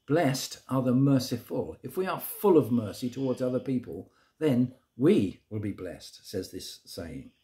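A middle-aged British minister delivers a short daily sermon to camera. His voice is mellow and warm, and his pitch sits at an ordinary middle level for a man. He talks in a homely, chatty way and keeps asking his listeners questions. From Britain. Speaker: church minister giving a daily thought. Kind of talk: short informal video sermon.

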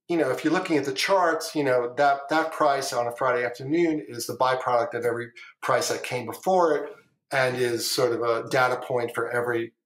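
A man's voice: medium pitch, a bit bright. A middle-aged man, a former trader, telling long stories as a podcast guest, rambling and repeating phrases, with casual swearing. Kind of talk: casual storytelling interview. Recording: echoey room.

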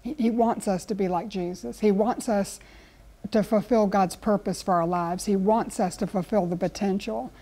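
A woman's voice: mid-range voice, steady tone, normal speed, dark tone. A woman, a guest Bible teacher speaking in an earnest, conversational teaching style. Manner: earnest, storytelling with acted quotes.

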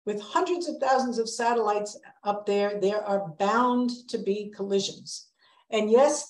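A woman's voice: fairly high pitch, a little mellow. An older woman giving a prepared public lecture, earnest and emphatic, sounding a warning. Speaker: public lecturer, planetary scientist. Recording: echoey lecture hall.

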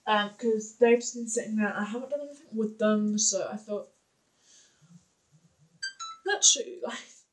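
A woman's voice: medium pitch, a little slow, long pauses, rough recording. A young woman chatting casually in a home vlog, rambling with many fillers and hesitations. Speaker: vlogger.

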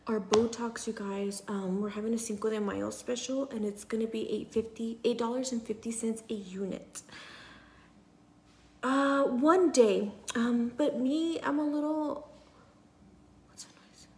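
A young woman talking casually to her phone at home, chatty and often dropping to a soft near whisper. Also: a little high, steady tone, unhurried, slight background noise. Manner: chatty, repeats "you guys", drops to a near whisper at times. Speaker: patient sharing her recovery. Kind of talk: casual selfie vlog. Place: at home indoors.

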